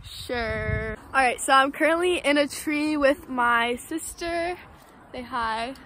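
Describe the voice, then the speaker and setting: Young female vlogger, high and chatty, phone mic outside with traffic noise. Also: slow, fairly bright tone. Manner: bubbly, chatty. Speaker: skate vlogger. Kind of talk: casual vlog narration. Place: outdoors near a loud road. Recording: outdoor phone audio with road noise.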